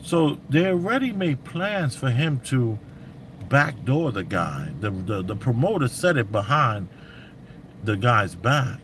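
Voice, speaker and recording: A man telling a story in casual commentary, animated and slangy, acting out what others said. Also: medium pitch, slow pace, slight background noise. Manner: animated, acts out quotes, slang.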